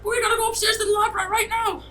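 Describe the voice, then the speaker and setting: A frantic squeaky crewman. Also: level tone, rapid-fire, sharp tone, far from the mic, a little hiss or hum. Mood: panicked. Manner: flustered, rambling, near tears. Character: panicky frantic male crewman.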